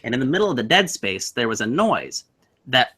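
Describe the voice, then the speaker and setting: Young man, bright forceful tone, animated casual ghost-story teller. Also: mid-range voice, a little fast, slightly rough. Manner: animated, acts out voices in his story.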